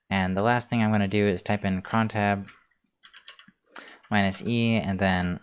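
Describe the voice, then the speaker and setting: A man hosting a casual screencast coding tutorial, talking through his steps in a relaxed way with many ums, keyboard clicks heard. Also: low-pitched, clean tone. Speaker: tutorial host.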